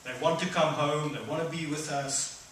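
A middle-aged man preaching a conversational sermon, acting out voices with sudden loud high bursts. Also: fairly even intonation, moderate pace, far from the mic, a little hiss or hum. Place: church hall. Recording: echoey hall, speaker away from mic.

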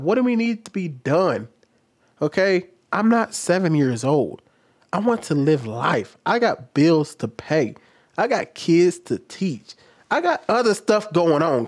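A man who works as a teacher, giving a casual, blunt commentary and sounding fed up. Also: fairly high pitch. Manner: blunt, exasperated, mocks others with exaggerated voices.

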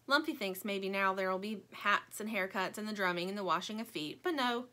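A woman narrating a children's book in an expressive, playful storytelling manner. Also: medium pitch, brisk. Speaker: audiobook narrator.

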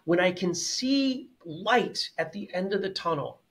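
A man's voice: high-pitched, expressive, measured pace, fairly bright tone. Man musing in a casual podcast chat. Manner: thoughtful, explains in long winding sentences with restarts. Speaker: podcast co-host.

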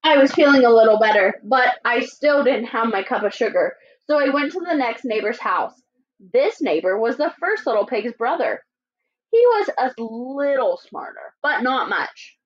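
A woman's voice: on the high side, moderate pace. A woman reading as a sly, chatty storybook wolf. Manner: lively, storytelling, playfully indignant. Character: sly, chatty male wolf telling his side. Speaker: teacher. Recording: dull lo-fi recording.

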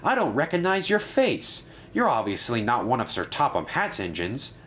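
A man's voice: mid-range voice, wildly swooping pitch, normal speed, a bit bright, a little hiss or hum. A man voicing an earnest, self-blaming young male steam engine. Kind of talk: storybook narration.

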